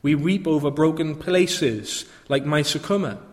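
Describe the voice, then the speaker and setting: A man's voice: a little high, unhurried, in a large hall. A male preacher giving an earnest sermon that rises to fervent proclamation.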